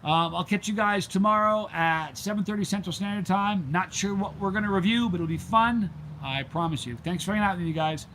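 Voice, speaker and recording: A middle-aged man chats casually to his viewers as a vlog host, rambling through a story with plenty of ums. His voice sits a little high. A faint hiss runs under the recording. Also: brisk, a bit bright, low-quality recording. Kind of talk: casual livestream chat. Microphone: handheld gimbal camera.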